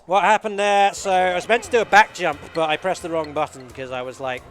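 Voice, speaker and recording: A speedrunner talking through his own game run live, explaining each move in a steady, easy way with many fillers. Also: high voice, fast talker.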